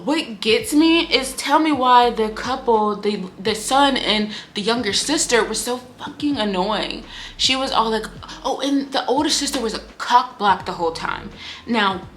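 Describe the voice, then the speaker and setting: A woman giving a casual book review on her vlog, talking in an animated, candid way, swearing freely and acting out lines from the story. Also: fairly high pitch, a little slow, faint music behind. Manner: animated, candid and profane, acts out quotes.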